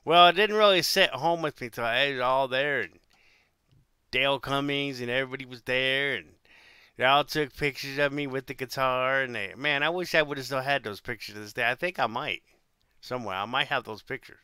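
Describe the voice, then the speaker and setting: Brief: man, 40s, casual vlog storyteller, rambling and repetitive, smooth and very bright tone, dry close sound. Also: mid-range voice, a little fast, no echo. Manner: rambling, repeats himself, restarts phrases. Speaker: vlogger telling life stories.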